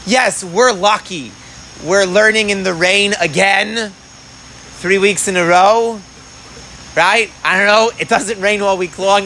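A man's voice: high voice, bright, forceful tone, a little hiss or hum, rough recording. A man teaching a Talmud class outdoors in the rain. He talks with animation, asks rhetorical questions and mixes in Hebrew and Aramaic phrases. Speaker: Torah teacher.

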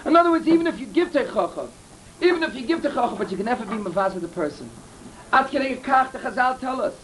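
A man's voice: very high-pitched, lively intonation, fast talker, a bit bright, a little hiss or hum, poor audio. A man giving a Torah lecture, telling stories earnestly and repeating key phrases. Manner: earnest, repeats himself, mixes in Hebrew and Yiddish terms. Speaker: Torah teacher.

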